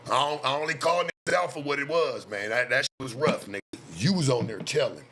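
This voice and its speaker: A streamer and self-styled life coach from the US West Coast, with a matching street accent, rants casually on a livestream straight to his viewers. His medium-pitched voice is bright, forceful, and a little fast, and his blunt, profanity-heavy talk keeps circling back to the same point. Faint room hum sits in the background.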